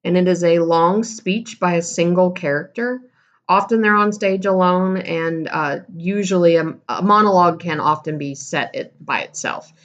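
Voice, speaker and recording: A woman's voice: fairly low pitch, normal speed, lo-fi sound. A woman teacher giving a casual recorded lesson, explaining terms and correcting herself as she goes.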